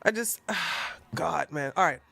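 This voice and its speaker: A woman giving sarcastic, profane reaction commentary, breaking into loud laughter and shouts. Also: sits low, animated, slow, gravelly.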